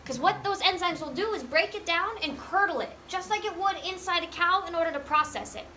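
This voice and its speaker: A woman's voice: very high voice, brisk, sharp tone, a little hiss or hum. A woman leading a guided tour on a cheese farm, chatty and quizzing her group with questions. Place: working cheese farm dairy.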